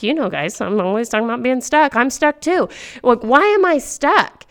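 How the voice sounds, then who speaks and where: A woman's voice: fairly high pitch, a little fast. A woman hosting a faith-based podcast monologue. She talks earnestly and with energy, firing off rhetorical questions. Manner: animated, full of rhetorical questions; earnest and encouraging. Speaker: podcast host.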